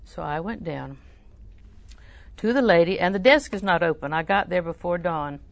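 An older woman preaching in a low, gravelly voice with plenty of fry. She tells stories in a conversational way, often softening almost to a whisper. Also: expressive, normal speed, no room sound. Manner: conversational, soft-spoken, drops to near whisper. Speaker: Christian teacher. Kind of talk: personal storytelling sermon.

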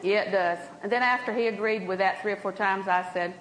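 Lively woman preaching in an echoey hall. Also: medium pitch, fast, slight background noise. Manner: lively, laughing, storytelling preacher. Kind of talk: sermon.

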